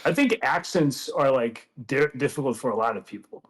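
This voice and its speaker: A man's voice: mid-range voice, expressive, moderate pace, husky. A man from the Netherlands chatting casually, often repeating words as he thinks. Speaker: streamer. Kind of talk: casual chat.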